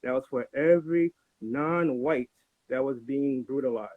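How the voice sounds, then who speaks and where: A man's voice: mid-range voice, measured pace, no room sound. A man from the United States calling in to a live stream, talking in a hesitant, rambling way. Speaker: caller. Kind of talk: casual call-in talk. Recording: tinny phone-like line.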